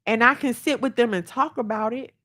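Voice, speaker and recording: A woman's voice: on the high side, a little fast, bright, forceful tone. A woman giving heartfelt self-help advice as a mother, speaking earnestly and acting out the voices she quotes. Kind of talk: candid self-help monologue.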